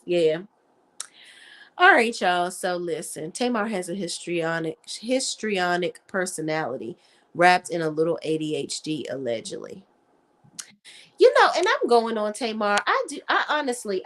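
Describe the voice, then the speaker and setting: A woman hosting a casual chat about reality TV, blunt and profane, quick to laugh. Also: fairly low pitch, very animated, fairly bright tone. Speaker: host.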